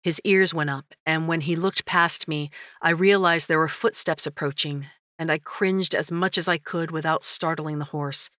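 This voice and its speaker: A woman narrating a first-person story in a measured, even storytelling manner. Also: sits low, no room sound, clean studio sound. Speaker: audiobook narrator.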